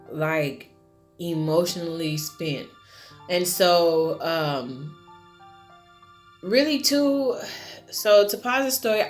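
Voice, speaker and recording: A young woman telling a story in a casual, emotional vlog, with lots of fillers and sudden loud exclamations. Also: lowish voice. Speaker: vlogger.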